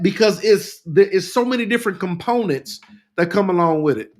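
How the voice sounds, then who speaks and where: This man's voice sits high and sounds animated, running a little fast. He hosts a talk in a rousing, repetitive style, calling his listeners "y'all" and reading their comments aloud.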